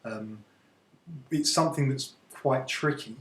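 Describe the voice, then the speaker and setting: A man's voice: mid-range voice, unhurried. A man tutoring in Egyptology, explaining things in a casual, agreeable chatting way. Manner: easygoing, agreeable, conversational. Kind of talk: casual teaching chat. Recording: echoey room.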